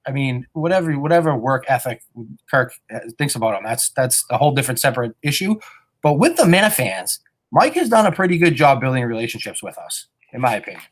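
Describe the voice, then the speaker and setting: Dude co-hosting a podcast, talks fast, pitch jumps all over, swears a lot while teasing. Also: male voice. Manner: quick, animated, profane ribbing. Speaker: podcast co-host. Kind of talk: casual chat.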